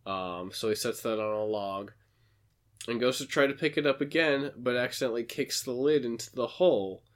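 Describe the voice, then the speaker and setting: A man co-hosting a podcast, recapping a film in a casual, joking chat with quick asides. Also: medium pitch.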